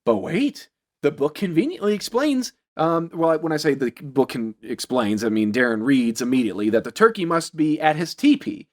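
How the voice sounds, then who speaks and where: A man's voice: fairly high pitch, very animated, normal speed, a little mellow. A man co-hosting a podcast, recapping a film's plot in casual chat and slipping into silly voices for the quotes. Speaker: podcast co-host recapping a film.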